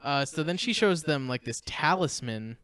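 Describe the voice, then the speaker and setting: A young man co-hosting a podcast, casually recapping a movie with swearing and quick mock voices for the characters. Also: on the high side, expressive, a bit bright, smooth. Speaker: podcast co-host.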